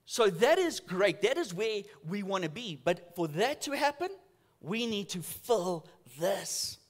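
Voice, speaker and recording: Animated high-voiced preacher. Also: male voice, measured pace. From South Africa. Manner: animated storytelling with acted-out voices. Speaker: pastor. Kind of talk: sermon. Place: church.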